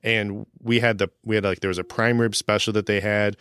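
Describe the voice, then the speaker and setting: A man co-hosting a podcast, telling relaxed anecdotes in casual chat. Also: on the low side, fairly quick, clean tone. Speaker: podcast co-host.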